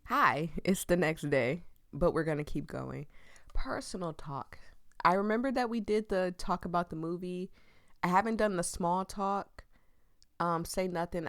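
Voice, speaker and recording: A woman's voice: lowish voice, no echo, clean studio sound. A young woman streaming a story game, chatting casually with laughing asides and put-on quotes.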